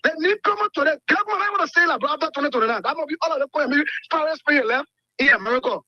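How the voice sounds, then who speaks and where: A man's voice: very high voice, lively intonation, very fast, pushed and bright, dry recording. A man calling in to a radio show, talking in a rambling, insistent way. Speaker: caller. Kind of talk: call-in commentary. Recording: dull phone line.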